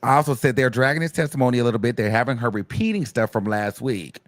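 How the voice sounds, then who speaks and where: Animated man with a dry close sound. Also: mid-range voice, fast, no room sound. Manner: animated, gossipy, acts out quoted texts in a raised voice. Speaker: commentary host. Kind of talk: casual recap commentary.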